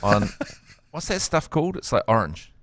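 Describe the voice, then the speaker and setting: A man, co-hosting a podcast, telling rambling anecdotes with loud impressions. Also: on the low side, big pitch swings, moderate pace, no room sound. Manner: storytelling with shouted impressions. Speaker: podcast co-host. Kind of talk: casual chat.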